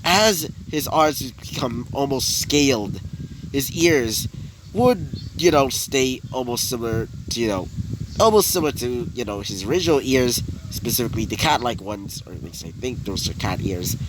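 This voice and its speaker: A man's voice: medium pitch, lively intonation, normal speed. Rambling young man telling a fan story. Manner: rambling, heavy fillers, swearing. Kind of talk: casual improvised fan story narration. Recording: noisy home recording.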